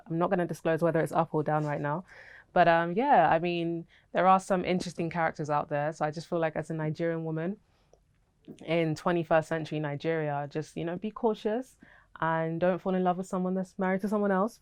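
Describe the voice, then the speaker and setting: A woman's voice: on the low side, clean tone, no echo. A young woman with a British accent, an actress answering interview questions in a candid, chatty way and laughing easily.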